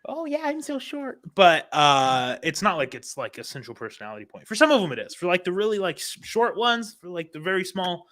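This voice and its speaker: A man talking on a stream panel in a rambling, animated way, full of fillers. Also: sits high, quick pace, few pauses. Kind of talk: casual chat.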